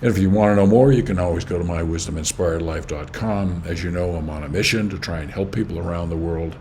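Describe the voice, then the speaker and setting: A man hosting a spiritual teaching channel, reading quotes and explaining them in an unhurried, emphatic way, often checking in with "okay?". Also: sits low, darkish tone, slight background noise. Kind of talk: reflective spoken commentary on quoted teachings.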